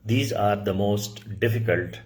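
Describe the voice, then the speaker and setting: Slow, low-voiced male teacher. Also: a little mellow. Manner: slow, repetitive explaining with frequent throat clearing; restates key words for emphasis. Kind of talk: lecture on writing.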